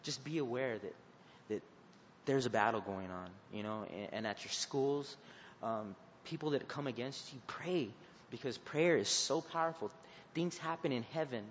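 A man preaching to students in a halting, earnest way, stopping and restarting often. His voice sits at an ordinary pitch and comes through slightly dull and muffled. A long reverb trails behind him in a large hall, with faint noise underneath. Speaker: youth preacher. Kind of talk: informal sermon and prayer.

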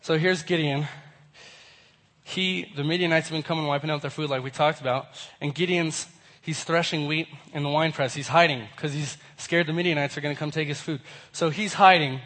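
A young man gives a casual Bible lesson in a hoarse voice left by a cold. His pitch sits a little high, and he keeps turning to the group with friendly questions. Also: fairly even intonation, a little fast, fairly bright tone. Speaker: youth pastor.

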